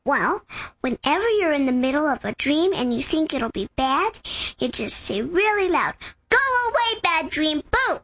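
Sweet little orphan girl, bright high voice with bouncing pitch, radio drama. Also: sing-song, moderate pace. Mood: childlike. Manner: childlike, earnest.

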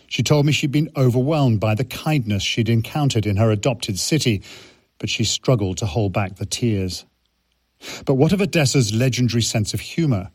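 A man delivering a scripted radio report from abroad in a measured, somber way. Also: medium pitch, a little mellow, dry recording, studio quality. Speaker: foreign correspondent.

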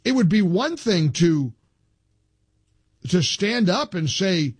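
A man's voice: high-pitched, big pitch swings, measured pace, slightly rough, no room sound. A male talk show host giving emphatic opinion commentary, reading from articles and building into indignant outbursts.

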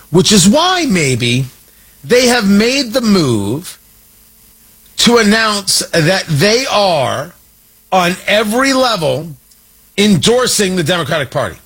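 A man's voice: high voice, fairly bright tone, slightly rough, low-quality recording. A man delivering an opinionated political monologue, sarcastic and emphatic, repeating points for effect. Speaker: political commentator.

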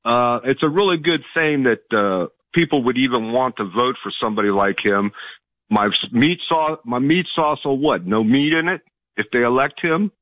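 A chatty, folksy man from Virginia calls in to a talk radio show. His mid-pitched voice arrives over a dull, muffled phone line. It sounds dry, with no room echo. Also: lively intonation, normal speed. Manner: chatty, folksy, laughs along. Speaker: caller.

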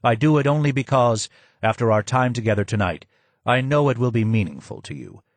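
A polite, formal male guide speaks earnestly, as a male narrator voices him. His pitch sits in the middle. The recording is dry and close. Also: expressive, fairly quick, no echo.

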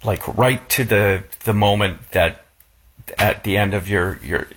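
Husky man, halting and emotional. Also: fairly low pitch, a bit bright. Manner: halting, emotional, many restarts. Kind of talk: casual chat.

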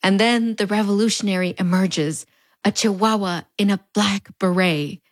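A woman's voice: moderate pace, no room sound. Wry Mexican American border-accent woman. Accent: Mexican American border (fronterizo). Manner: conversational and wry, with playful pitch swings. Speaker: host. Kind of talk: scripted pop-culture commentary.

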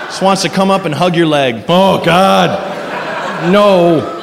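Brief: lively male stand-up, slightly high voice, echoey club with noise behind. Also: slow pace, gravelly. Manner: animated, rambling, self-mocking. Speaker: stand-up comedian. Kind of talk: stand-up routine. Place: comedy club stage.

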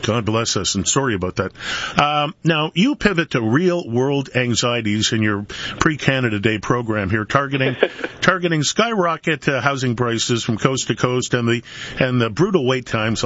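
A man's voice: medium pitch, fairly bright tone, lo-fi sound. A man hosting a radio interview, asking questions with an amused, chuckling manner. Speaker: radio host.

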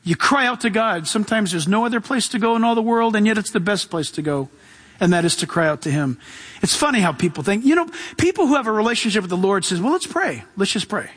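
A male pastor preaching a sermon with animated delivery, acting out voices and swinging between loud and hushed. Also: high voice, fast talker, big-room sound.

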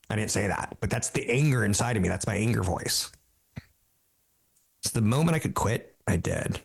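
A man in his fifties hosting a talk radio show, telling animated stories and mocking other people's voices. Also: lowish voice, moderate pace, gravelly, slightly rough. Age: 50s. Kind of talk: casual talk radio monologue.

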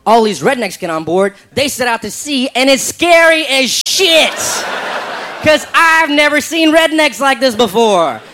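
A man performs stand-up comedy and tells his story in an animated, profane way. His voice is very high for a man. He speaks clearly and keeps the energy up.

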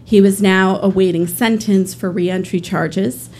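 A woman, a public defender, telling a personal story live in an earnest way, pausing often with fillers. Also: medium pitch, steady tone, darkish tone, slight background noise. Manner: earnest, pauses with frequent fillers.

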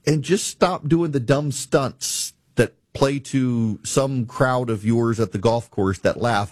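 A man's voice: medium pitch, takes it slowly, few pauses, darkish tone, dry recording, studio quality. A man hosting a talk radio show, giving emphatic, exasperated political commentary.

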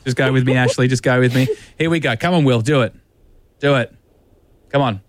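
A man's voice: mid-range voice, no echo. A man hosting a radio call-in show, teasing and bantering with callers. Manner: playful, teasing, lots of quick agreements. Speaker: radio host.

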